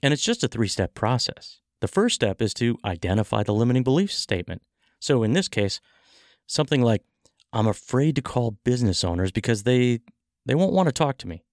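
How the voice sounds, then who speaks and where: A man hosting a podcast for sales professionals, telling stories with acted-out dialogue and coaching in a lively, motivational way. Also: mid-range voice, dry recording, clean studio sound. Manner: animated storytelling, acting out dialogue.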